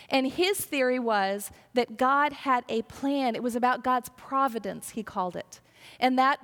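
A middle-aged woman pastor giving an earnest sermon, telling stories and acting out quoted voices. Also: high-pitched. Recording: long reverb of a large hall.

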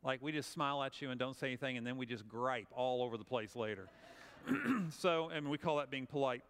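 A man's voice: mid-range voice, expressive, fairly quick, a bit bright, clean tone. A man with a Southern US accent giving a conversational, humorous motivational talk, acting out little scenes for the audience. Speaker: speaker. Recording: long hall reverb.

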